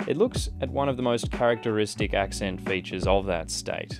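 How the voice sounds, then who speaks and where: A man from Western Australia with a Western Australian accent, presenting a documentary report in clear, measured scripted narration. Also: on the low side, music in the background.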